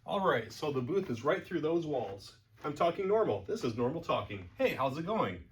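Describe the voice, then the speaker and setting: A man's voice: a little high, big pitch swings, normal speed. A man running a sound test indoors, repeating plain, matter-of-fact test phrases, recorded from a distance. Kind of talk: casual on-location test talk. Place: indoor rooms around a house. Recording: echoey room audio from a distance.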